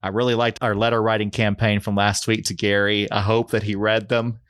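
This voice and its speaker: A man's voice: on the low side, little pitch movement, fairly quick, a bit bright, smooth, no room sound, studio quality. A man hosting a casual podcast, upbeat, steering the talk and laughing often. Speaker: podcast host. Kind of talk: casual chat with scripted previews.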